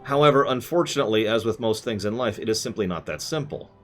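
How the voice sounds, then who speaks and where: A man's voice: fairly low pitch, animated, fast, soft background music. Rambling man chatting on a stream. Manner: rambling, self-correcting, opinionated. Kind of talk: live stream chat answering viewers.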